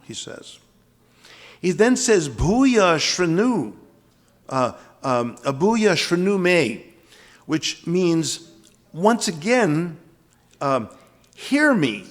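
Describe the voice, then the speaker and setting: Gravelly older man giving an emphatic scripture lecture. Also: fairly high pitch. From US East Coast. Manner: emphatic, dramatic, repeats key phrases. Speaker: spiritual teacher.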